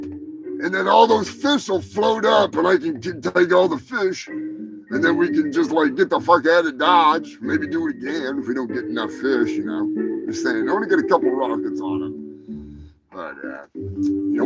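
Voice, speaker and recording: A male host giving a sarcastic, profane comedic rant on a live show, often breaking into shouts. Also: a little high, normal speed, vocal fry, over music, poor audio.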